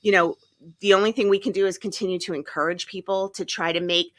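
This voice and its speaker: A middle-aged woman from Tennessee hosting a podcast in lively, chatty conversation, laughing often. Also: mid-range voice, fast talker. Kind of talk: casual chat.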